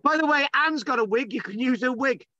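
Exasperated high-voiced man lecturing. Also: fairly quick, sharp tone, dry recording, dull audio. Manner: exasperated, bantering, swearing often. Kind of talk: casual online lecture.

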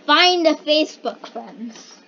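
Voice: sits high, lively intonation, slow pace, vocal fry, bright, forceful tone. A young kid casually reading odd quotes aloud and then puzzling over them, sounding bemused and giggly. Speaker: video maker reacting to generated quotes. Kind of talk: casual reaction commentary. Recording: dull lo-fi home recording with faint hiss.

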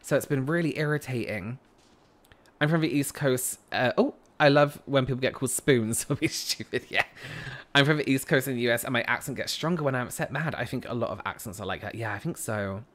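A man's voice: medium pitch, fairly quick, a bit bright. A British man casually chatting with his live-stream audience while playing a video game, laughing often and answering chat. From United Kingdom.

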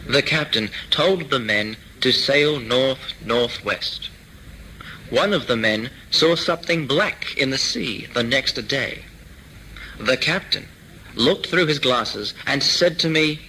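A man reading a scripted language lesson, slowly and carefully. His voice is bright and his pitch moves a lot. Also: expressive, a little hiss or hum, poor audio. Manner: slow, careful, clear. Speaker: lesson reader.

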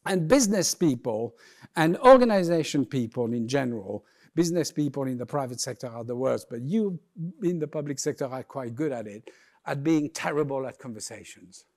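A man giving a humorous keynote talk on stage, telling lively stories and acting out the voices of the people in them. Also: mid-range voice, moderate pace. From lives in London. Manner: lively storyteller, acts out quoted voices. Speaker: keynote speaker. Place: conference stage before a live audience.

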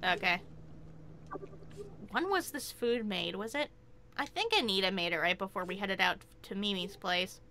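A woman chatting casually while playing a video game, excitable and quick to swear and laugh. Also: mid-range voice. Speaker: game streamer. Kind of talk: casual gameplay commentary.

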